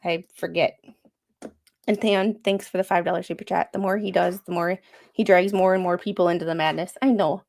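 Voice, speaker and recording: A woman's voice: lowish voice, steady tone, fairly quick, vocal fry, a little mellow. Chatty woman reading a lawsuit. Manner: chatty, sarcastic asides, frequent fillers. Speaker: livestream host. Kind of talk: casual livestream, reading a court filing aloud.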